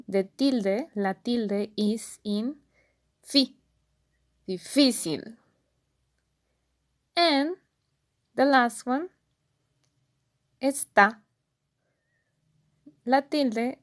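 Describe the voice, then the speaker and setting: A woman teaching a beginner language lesson, patiently repeating words slowly and clearly for learners. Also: a little high. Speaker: Spanish teacher.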